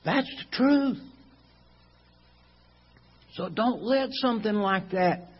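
A man preaching a sermon in a folksy, animated way, repeating phrases for emphasis. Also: high voice, takes it slowly, slightly rough, muffled recording.

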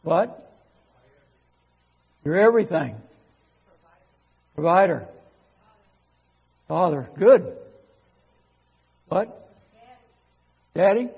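A man with a high, husky voice preaches in a church, sharing his testimony in a folksy, chatty way and often stumbling over his first words. The audio is dull and lo-fi. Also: expressive, drawn-out words, long pauses, big-room sound. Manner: folksy, conversational storytelling with stammered restarts. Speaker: guest preacher. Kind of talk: sermon with personal testimony.

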